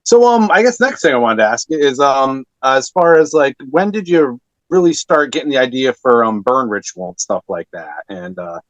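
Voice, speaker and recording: Lively-voiced podcast host, lo-fi sound. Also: male voice, medium pitch, moderate pace, no room sound. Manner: relaxed, hesitant questions with ums. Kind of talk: casual interview. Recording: dull lo-fi sound.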